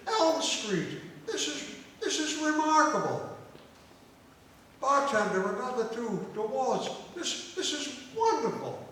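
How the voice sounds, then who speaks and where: An older man voicing a jovial Irish man in a bar, with a brogue, loud and exclaiming. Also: very high-pitched, sing-song, slow pace, a little hiss or hum, voice pushed up, full character voice. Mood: delighted. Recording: echoey hall from far off.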